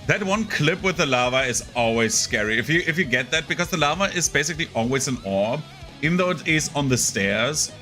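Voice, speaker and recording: Young man, gaming commentary, chatty and rambling, bright voice, mid pitch, faint music behind. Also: lively intonation, a little fast. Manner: rambling, chatty, frequent "like" fillers. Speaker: gaming streamer. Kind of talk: casual gameplay commentary.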